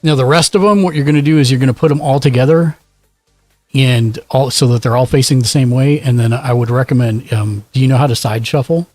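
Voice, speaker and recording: A man's voice: mid-range voice, a little fast, a little mellow, no room sound, soft background music. A man hosting a casual card game stream, giving patient step-by-step instructions with fillers. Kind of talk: casual chat.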